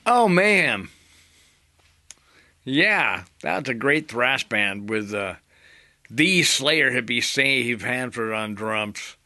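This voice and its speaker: Gravelly, bright-voiced man telling stories. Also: medium pitch, expressive, slow, long pauses, no echo. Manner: anecdotal, acts out quoted dialogue, laughs between stories. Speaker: singer, interview guest. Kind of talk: casual rambling storytelling.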